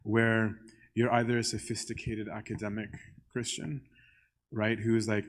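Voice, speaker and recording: A man's voice: on the low side, little pitch movement, normal speed, slight background noise. A male priest giving a casual church teaching talk, conversational and full of "um" and "right?". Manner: conversational, often asks "right?"; frequent "um" fillers.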